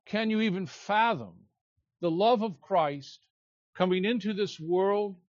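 A man delivers an expository sermon at a deliberate, unhurried pace, leaning hard on key words. His voice sits high for a man. The recording is dry and a little muffled. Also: no echo. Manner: slow, emphatic preaching with drawn-out key words. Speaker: pastor. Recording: slightly dull, lo-fi sound.

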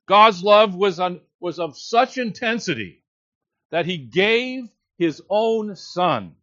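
A man preaching a sermon, earnest and measured, teaching a scripture passage with emphatic quotes. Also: sits high, animated, a bit bright, no room sound, lo-fi sound.

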